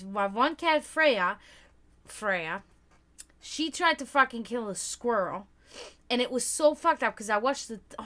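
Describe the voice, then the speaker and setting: A woman hosting a livestream, telling rambling, profane stories in casual chat. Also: fairly high pitch. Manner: rambling, profane, animated storytelling. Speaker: livestream host.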